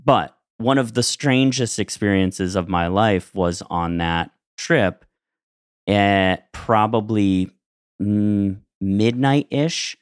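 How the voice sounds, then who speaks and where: A man's voice: on the low side, takes it slowly, smooth, dry recording, clean studio sound. A man co-hosting a podcast, telling a rambling anecdote in casual chat and laughing as he goes. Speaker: podcast co-host.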